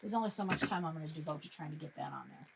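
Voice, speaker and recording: A woman's voice: low voice, rapid-fire, vocal fry, very noisy. Chatty woman narrating a craft demo. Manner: chatty, talks herself through each step; jokey self-talk to her materials. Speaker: craft tutorial host.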